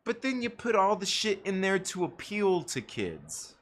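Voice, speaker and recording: A man's voice: sits high, huge pitch swings, unhurried, a bit bright. A man ranting in casual livestream commentary, profane and rambling, full of fillers and restarts. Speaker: livestream co-host; parent.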